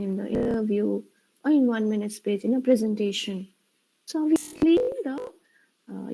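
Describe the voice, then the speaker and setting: A woman's voice: on the high side, gravelly, mellow, a little hiss or hum, low-quality recording. A woman with an Indian English accent giving a classroom lecture on speaking skills. She explains each point, repeats it, and keeps checking in with "right?" and "okay?". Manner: explains and repeats, asks "right?" after each point, slips into Hindi and Bengali. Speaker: teacher.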